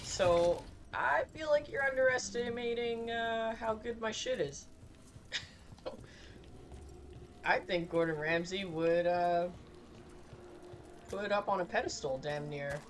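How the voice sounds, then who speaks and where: A woman's voice: medium pitch, takes it slowly, long pauses, slight background noise. A young woman streaming a game, chatting casually with crude jokes and laughter. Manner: crude, joking, laughing, tipsy banter. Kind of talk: casual live-stream chat.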